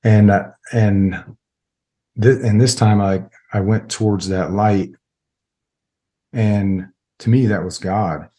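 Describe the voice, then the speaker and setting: A man's voice: on the low side, steady tone, slow pace, pauses often, mellow. A middle-aged man, a military veteran, telling a personal story as a podcast guest in a rambling, casual way full of filler words.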